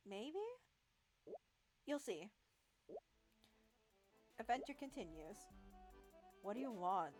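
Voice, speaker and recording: A woman's voice: fairly high pitch, no echo. A woman hosting a gaming video, reading a text adventure aloud with playful, chatty commentary and the odd stumble. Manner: playful, chatty, says "lol" aloud, stumbles over words while reading.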